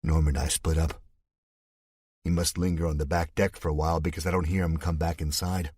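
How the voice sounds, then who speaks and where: An audiobook narrator reads a first-person thriller in a very low, husky voice, steady and measured throughout. The recording is dry and close, with no sense of a room.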